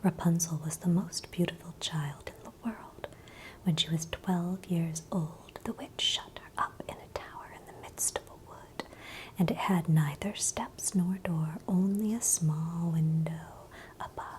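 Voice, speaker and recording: A woman reads a classic fairy tale in a whispered role-play. The voice stays a slow, breathy, unvoiced whisper, pitched a bit low for a woman. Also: a little mellow. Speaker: ASMR storyteller.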